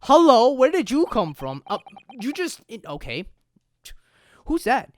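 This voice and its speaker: A woman's voice: a little high, sing-song, measured pace, pitched above the performer's own voice. A woman voicing a polite, flustered young man, reading in a hesitant, questioning way. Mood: puzzled.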